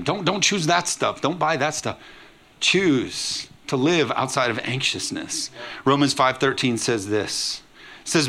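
A man preaching a sermon to a congregation as pastor, emphatic and lively, often asking the room if they are with him. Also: mid-range voice, moderate pace, vocal fry. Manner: emphatic preaching with call-and-response questions to the congregation. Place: church sanctuary.

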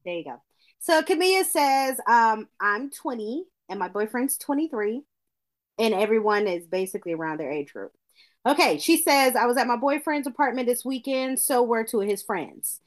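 Lively woman reading a listener letter. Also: fairly high pitch, moderate pace. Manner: reads letters aloud with stumbles and laughs. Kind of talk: casual podcast chat.

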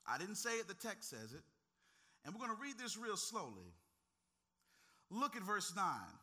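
A man preaching with a strikingly high, piercing voice that has a cutting, bright edge. He moves from quiet, conversational asides into impassioned, near-shouted climaxes. He talks straight to his congregation, teasing them along the way. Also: big pitch swings, moderate pace, long pauses. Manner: impassioned, swinging from hushed to shouting. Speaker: pastor. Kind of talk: sermon.

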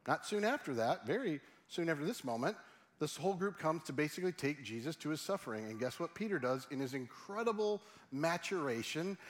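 A middle-aged man preaching a sermon in a humorous, conversational way, often asking his audience questions. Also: on the high side. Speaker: pastor.

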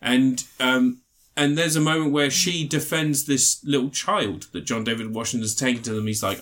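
A man's voice: mid-range voice, moderate pace, few pauses, fairly bright tone. A man co-hosting a podcast, reviewing a film in casual, rambling chat and swearing freely. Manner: rambling, swears freely, acts out film characters in mocking voices. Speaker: podcast co-host.

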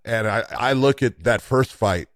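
A man's voice: mid-range voice, unhurried, dry recording. A man co-hosting a podcast, explaining his view steadily and building it on analogies. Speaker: podcast co-host. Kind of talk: casual podcast conversation.

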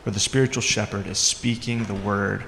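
A male pastor giving a sermon in a conversational way, acting out quoted lines with lively voices. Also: on the low side, moderate pace, vocal fry. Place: church hall. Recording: echoey hall.

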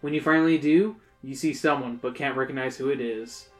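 Host, read-aloud storybook, playful asides, mid pitch, faint music behind. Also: fairly quick. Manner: playful, joking asides, laughs while reading. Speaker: reader and host. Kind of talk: reading a choose-your-own-adventure book aloud to friends.

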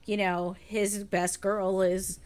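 A woman's voice: medium pitch, takes it slowly. A woman in a casual chat about a movie, filling in and correcting plot points. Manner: lively, corrects and fills in plot details.

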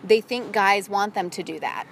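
A woman's voice: mid-range voice, normal speed, slight background noise. A woman from the Midwest hosting a casual podcast chat, filling her talk with "you know" and "like". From American Midwest. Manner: chatty, lots of "you know" and "like".

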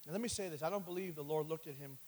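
A man preaching a sermon, calling out "amen" and "catch this" as he builds from quiet asides to loud, high passages. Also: racing, low-quality recording. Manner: calls for response with "amen" and "catch this".

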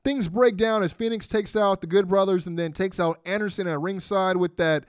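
A man's voice: high voice, steady tone, moderate pace, smooth, no room sound, studio quality. Man recapping a wrestling match. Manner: play-by-play recap with fillers and laughs. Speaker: podcast co-host.

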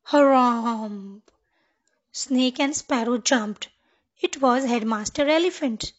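Slow, high-voiced woman storyteller. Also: dull audio. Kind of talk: children's story narration.

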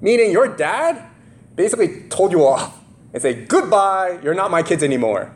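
A man with a high-sitting voice preaches a casual sermon at normal speed. He's animated, acting out the story's characters in their own voices, with lots of fillers and laughter.

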